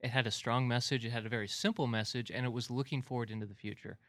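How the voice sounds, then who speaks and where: A man's voice: mid-range voice, steady tone, fast talker, fairly bright tone, dry recording. Young guy guest, mid voice, pushes back firmly, dry sound. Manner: firm, contrarian. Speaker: podcast guest. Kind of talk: casual chat.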